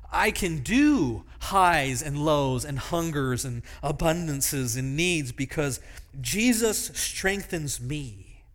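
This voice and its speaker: A man preaching a sermon at a church service, leading the congregation in repeating words with playful asides. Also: fairly high pitch. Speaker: pastor.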